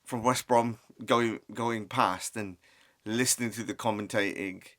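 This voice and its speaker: A man's voice: on the low side, steady tone, measured pace, fairly bright tone. A man from the West Midlands of England hosting a podcast interview, asking long, rambling questions with many restarts. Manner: rambling, hesitant multi-part questions. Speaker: podcast host. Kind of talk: casual interview.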